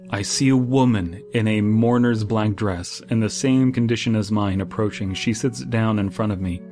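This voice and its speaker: A man's voice: on the low side, darkish tone. A man reading a horror story aloud and breaking off into sarcastic, exasperated commentary full of fillers. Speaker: horror story reader and critic. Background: faint background music.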